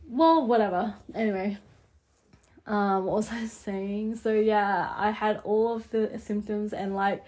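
Woman, young adult, podcast host, casual chat, hoarse, nasal, rambling. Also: medium pitch. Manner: chatty, rambling, laughs often.

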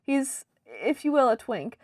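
A woman's voice: sits high, sing-song, unhurried, no room sound, studio quality. A woman running a tabletop game as game master, laid-back and hesitant, with many fillers. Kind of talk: casual tabletop game narration.

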